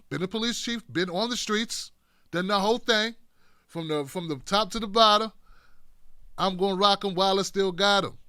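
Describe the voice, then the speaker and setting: A man riffs on political clips with a jokey, sarcastic edge, now and then acting out other people's voices. His voice sits high and sounds bright and crisp. The sound is dry, with no room echo. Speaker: political commentator. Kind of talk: casual commentary on clips.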